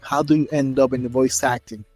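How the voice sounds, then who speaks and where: Halting, hesitant man host. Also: mid-range voice, steady tone, a little mellow, no echo, soft background music. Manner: halting, hesitant, frequent fillers. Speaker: podcast host. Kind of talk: casual podcast chat.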